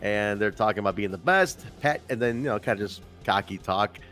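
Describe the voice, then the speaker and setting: A man's voice: fairly low pitch, fairly quick, a bit bright, faint music behind. A man co-hosting a casual wrestling review podcast, talking in a rambling, profane way and laughing often. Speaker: podcast co-host.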